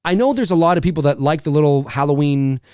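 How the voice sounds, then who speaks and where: A man's voice: fairly high pitch, fast talker, a little mellow, clear, resonant tone, no echo, clean studio sound. A man in his thirties hosting a casual livestream, rambling and laughing as he answers viewer questions. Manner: rambling, laughs often, restarts lines. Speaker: livestream host. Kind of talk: casual live chat.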